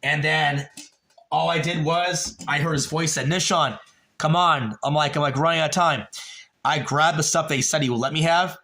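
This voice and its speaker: Man, livestream host, rambling casual chat, bright voice, talks to viewers by name. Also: fairly high pitch, fairly even intonation, normal speed. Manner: rambling and repetitive, addresses viewers by name, swears.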